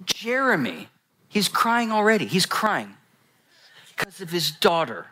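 A man preaches a sermon to a congregation in a voice that sits high, speaking slowly. He tells animated stories, addresses the congregation directly, and throws in jokes and asides.

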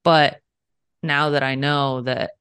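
A man's voice: fairly high pitch, little pitch movement, takes it slowly, pushed and bright, clean tone, no echo. A man in a casual podcast chat, candid and casually profane.

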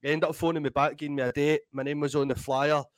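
Lively Scottish man telling stories. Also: fairly high pitch, quick pace, dry recording, poor audio. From Scotland. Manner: animated, swears freely, acts out voices in anecdotes. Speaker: guest DJ and comedian. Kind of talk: casual storytelling interview.

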